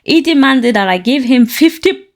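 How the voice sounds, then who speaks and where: A woman from Nigeria hosts a podcast, reading stories aloud and firing back with blunt, lively commentary. Her voice sits a little higher than most, and she laughs often as she talks. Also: normal speed. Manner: outspoken, animated commentary with frequent laughter. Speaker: podcast host. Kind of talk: reading and reacting to online stories.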